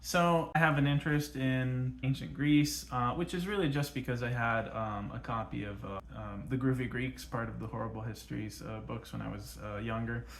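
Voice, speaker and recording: A man's voice: mid-range voice, steady tone, normal speed, gravelly, hardly any pauses, a little hiss or hum. A man co-hosting a casual book chat, talking with frequent ums and uhs. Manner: hesitant, many ums and uhs. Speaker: co-host of a book channel. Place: United States.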